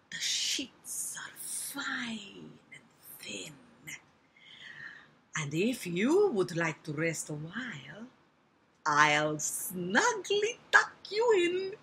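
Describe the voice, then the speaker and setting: A woman voicing a cunning, flattering male spider with a put-on Italian accent, in a dramatic poetry recitation, drawn-out and sing-song. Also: mid-range voice, husky, exaggerated voice. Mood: schmoozing.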